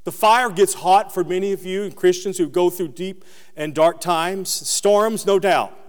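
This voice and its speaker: A man preaching a sermon as pastor, dropping low and quiet, then rising into loud, high peaks. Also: unhurried, long reverb tail.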